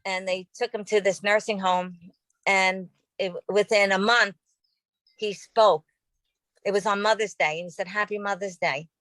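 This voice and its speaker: A woman in her fifties shares a heartfelt personal story on a podcast. Her voice sits at a middling pitch, and she talks in a rambling, earnest way, full of ums and restarts. The sound is dry and close, with no room echo. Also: steady tone, a little slow, fairly bright tone. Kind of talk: personal testimony in casual conversation.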